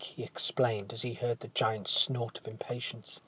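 A man narrating a storybook tale in a hushed, dramatic manner that often drops to a whisper. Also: medium pitch, flat delivery, a little slow, husky.

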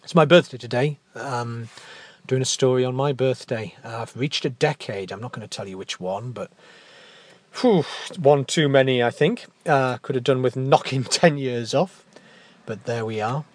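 A man narrating a fairy tale in a gentle, unhurried storytelling manner. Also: medium pitch, no echo.

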